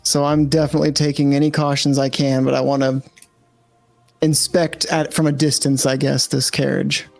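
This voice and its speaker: A man playing a tabletop game, rambling excitably and laughing. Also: medium pitch, moderate pace, gravelly, soft background music. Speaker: player. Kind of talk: casual chat.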